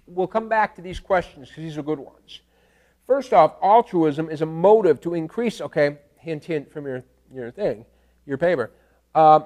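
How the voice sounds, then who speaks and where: Male instructor, light high voice, relaxed classroom lecture, animated storyteller who keeps asking "all right?". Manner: animated storytelling, acts out screams and animal calls; casual, checks in with "okay?" and "all right?". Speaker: teacher.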